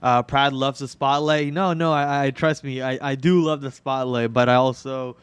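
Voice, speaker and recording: Man, hoarse throat, smooth clear tone, dry close sound, rambling trading commentary. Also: mid-range voice, fairly even intonation, normal speed, dry recording. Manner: rambling, many restarts and fillers. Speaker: trading stream host. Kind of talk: live market commentary. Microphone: podcast microphone.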